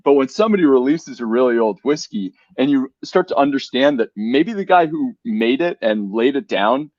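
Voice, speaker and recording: Male guest, brand founder, eager stop-start talker, mid-pitched voice. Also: moderate pace, no echo, dull audio. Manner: animated, restarts sentences, repeats words. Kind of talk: casual conversational interview.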